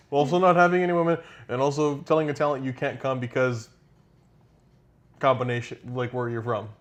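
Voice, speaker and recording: A man's voice: mid-range voice, little pitch movement, fairly quick. A man co-hosting a wrestling podcast, rambling casually with many restarts and swearing. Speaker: podcast co-host. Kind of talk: casual chat.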